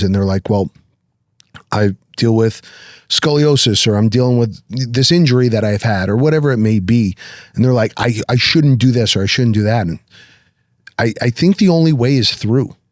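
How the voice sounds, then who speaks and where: Low-voiced reflective podcast host. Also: male voice, no room sound, studio quality. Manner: reflective, sinks low and quiet, swears casually. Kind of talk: casual interview chat.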